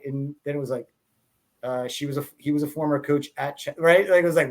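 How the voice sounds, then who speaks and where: A man's voice: a little high, steady tone, fairly quick, a bit bright. Rambling, laughing male podcast host. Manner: rambling, with many restarts, laughing through his stories. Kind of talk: casual conversational storytelling.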